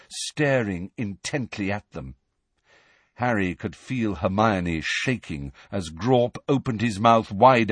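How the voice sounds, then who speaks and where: A male audiobook narrator with a dramatic, shifting storytelling delivery. His voice swings widely in pitch and carries a husky grain. The sound is close and dry with no room around it. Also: dry recording.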